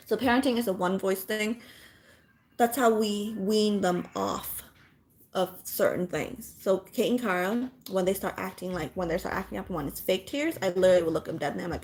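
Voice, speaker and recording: A woman's voice: mid-range voice, a little fast, darkish tone. A woman speaking as a mother, giving blunt parenting advice in casual chat with viewers and swearing freely.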